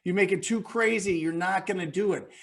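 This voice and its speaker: High-voiced energetic male real estate coach. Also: brisk, creaky. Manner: energetic, motivational, repeats phrases for emphasis. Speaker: real estate wholesaling mentor, webinar guest. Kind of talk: webinar Q&A coaching.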